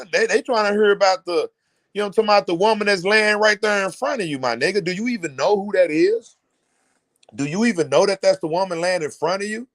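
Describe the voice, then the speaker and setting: Reaction host, male, high and dry, brash and profane. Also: brisk, no room sound. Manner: loud, mocking, swearing, mimics others. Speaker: commentary host.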